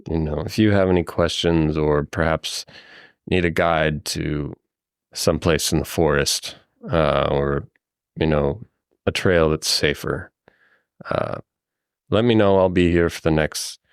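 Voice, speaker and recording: A man's voice: very deep voice, slow pace, smooth, no room sound, clean studio sound, exaggerated voice. A man voicing a courteous, grave male forest guide who speaks formally and respectfully.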